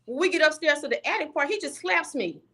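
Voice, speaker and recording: A young woman talks quickly in a high, sharp voice with lively intonation. She's a guest on a video call, sharing something personal frankly and bluntly while restarting sentences often.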